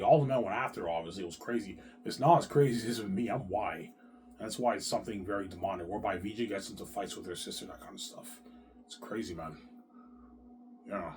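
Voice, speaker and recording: A man's voice: on the low side, darkish tone, slight background noise. A man talking on his own in a long, rambling, repetitive monologue, with heavy swearing and slang. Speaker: vlogger.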